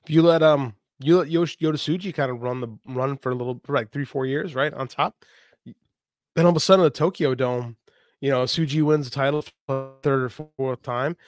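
A man co-hosting a podcast, talking casually about wrestling in an animated way, catching and correcting himself and swearing now and then. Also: medium pitch, brisk, no room sound, soft background music. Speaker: podcast co-host.

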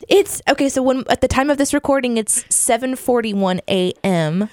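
A woman's voice: fairly high pitch, normal speed, a little mellow, dry recording, studio quality. Upbeat woman podcast co-host. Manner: chatty, upbeat storyteller who laughs easily. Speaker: podcast co-host, radio professional. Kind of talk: casual podcast chat. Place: home recording studio.

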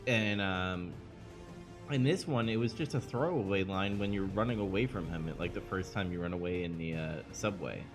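Podcast co-host, male, low voice, loose and hesitant, full of fillers. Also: moderate pace, faint music behind. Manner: rambling, hesitant, many fillers. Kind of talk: casual chat.

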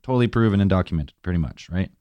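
A man's voice: sits low, expressive, racing, muffled recording, crowd noise. A man co-hosting a podcast in casual chat, asking questions and laying out theories. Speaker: podcast co-host.

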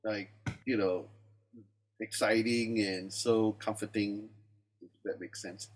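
A man's voice: fairly low pitch, fairly even intonation, takes it slowly. A Singaporean man co-hosting a podcast, chatting casually and often affirming with yeah and right. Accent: Singaporean English. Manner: affirming, lots of yeahs and rights. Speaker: podcast co-host. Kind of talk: casual chat.

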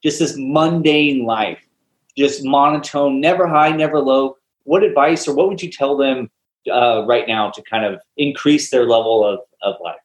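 A man's voice: medium pitch, moderate pace. Chill guy hosting a podcast, friendly, kinda echoey room sound. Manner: casual, friendly, calls guest brother. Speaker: podcast host. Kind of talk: casual podcast interview.

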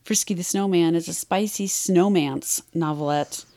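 A woman's voice: lowish voice, normal speed, mellow. A woman co-hosting a podcast, chatting candidly about romance novels, laughing often and using plenty of fillers. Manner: giggly, candid, lots of fillers. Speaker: podcast co-host. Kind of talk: casual chat about romance books.

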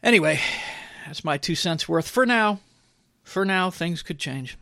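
A man's voice: on the high side, animated, unhurried, gravelly, sharp tone, no room sound, studio quality. A male podcast host giving blunt opinion commentary in a conversational monologue, with frequent fillers.

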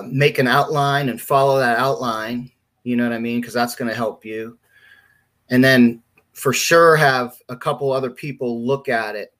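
A man's voice: mid-range voice, fairly bright tone. Hesitant male author guest. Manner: hesitant, many fillers and restarts. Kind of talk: casual interview chat.

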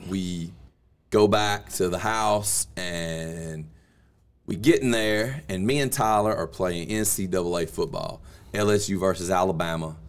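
A man, hosting a podcast and telling a story in a lively, laughing way that bursts into yelling. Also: low voice, measured pace, smooth. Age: 30s. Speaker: podcast host. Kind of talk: casual storytelling chat.

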